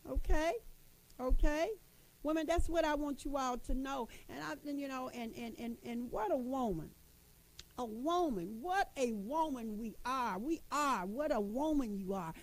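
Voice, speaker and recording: A woman's voice: high voice, expressive, unhurried, poor audio. A middle-aged woman giving a motivational talk to women, folksy and emphatic, repeating her points and calling listeners honey. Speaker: motivational speaker addressing women.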